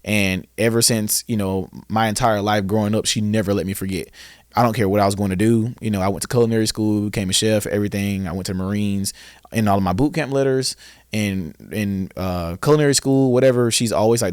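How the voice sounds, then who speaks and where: A man's voice: on the low side, brisk, a little mellow, no room sound, studio quality. A young man with a Southern American accent, a podcast guest telling his story earnestly and acting out his own past questions. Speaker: guest, founder of a boys' school.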